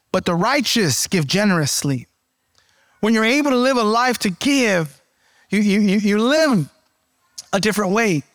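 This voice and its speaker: A man's voice: high-pitched, fairly bright tone, no echo, studio quality. A man preaching a sermon in a conversational way, acting out quoted voices as he goes. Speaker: pastor.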